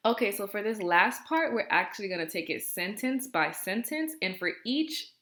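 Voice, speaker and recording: Bright-voiced woman teaching young children. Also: mid-range voice, lively intonation. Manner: slow, clear, encouraging teacher talk with drawn-out repeat-after-me phrases. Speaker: first grade teacher. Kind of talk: recorded video lesson for young children.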